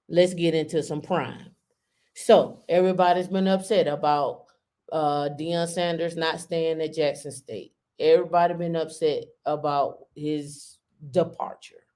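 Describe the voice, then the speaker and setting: A woman's voice: low-pitched, darkish tone. A woman hosting a live stream, chatting casually and talking straight to her viewers. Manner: chatty, addresses viewers directly.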